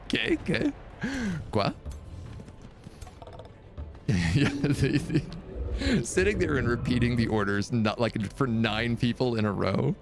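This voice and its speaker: A man's voice: on the low side, gravelly, background noise. A man streaming a strategy game live, chatting and rambling through stories with frequent laughter. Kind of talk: live gameplay commentary and storytelling.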